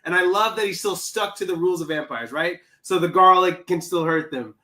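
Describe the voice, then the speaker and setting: An energetic man co-hosts a film discussion, his voice sitting a little high and ringing bright. He jumps into acted-out quotes and exclamations, the rhythm of easy, excited conversation. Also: fairly quick. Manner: animated, exclaims and acts out quotes. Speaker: film podcast co-host.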